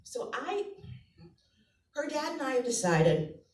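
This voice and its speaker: A woman's voice: high voice, sing-song, takes it slowly, a little mellow. A woman from Massachusetts, a mother of two, telling family stories in a stand-up set and acting out the voices. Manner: chatty storytelling, acts out family voices. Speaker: stand-up comedian. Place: comedy club stage. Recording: echoey club, mic from a distance.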